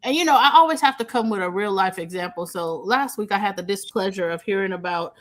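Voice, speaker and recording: A woman hosts a casual talk show with a rough, hoarse voice from a cold. She talks in a lively, chatty way and laughs easily. Her pitch sits in the middle for a woman. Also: quick pace. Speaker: host. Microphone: remote, not in the studio.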